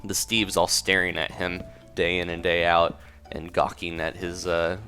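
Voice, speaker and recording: A man's voice: sits low, flat delivery, a little slow, sharp tone. A man casually improvising a story over gameplay, rambling with fillers and side comments. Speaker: gaming video creator. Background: faint music.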